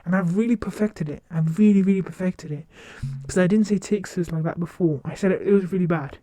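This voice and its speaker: Young woman, streamer, casual chat, fast talker, rambling, many fillers, dry sound. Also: on the low side, mellow, no room sound, faint music behind. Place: home streaming setup.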